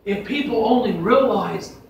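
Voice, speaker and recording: A man's voice: sits high, lively intonation, unhurried, creaky, background noise. A man preaching a fiery sermon to his congregation, folksy and emphatic, quoting scripture in a church sanctuary. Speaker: pastor. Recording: echoey church from a distance.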